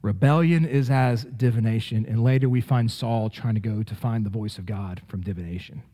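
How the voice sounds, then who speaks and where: Emphatic, mellow-voiced Bible teacher man. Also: lowish voice, normal speed. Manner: emphatic, conversational, frequent rhetorical "right?". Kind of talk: Bible study lesson with slides.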